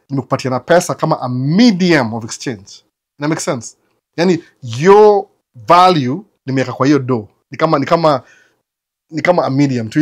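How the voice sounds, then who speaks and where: A man with a Kenyan accent hosting a casual livestream, chatting with viewers in a loose, talkative way full of restarts. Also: medium pitch. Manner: code-switching, chatty, stammering restarts. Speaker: livestream host answering viewers.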